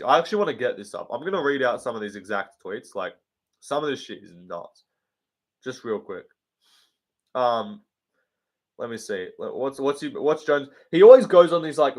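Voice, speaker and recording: A man hosting a casual live show, answering viewer questions in a blunt, sweary and rambling way with many ums and likes. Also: mid-range voice. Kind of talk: casual livestream chat.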